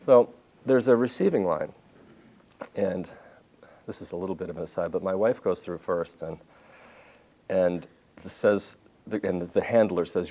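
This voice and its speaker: Deep-voiced man telling lively stories. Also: a little slow, pauses often. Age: 50s. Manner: animated storytelling with restarts and self-corrections. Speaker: visiting journalist giving a talk. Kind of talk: lecture with anecdotes. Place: university lecture hall.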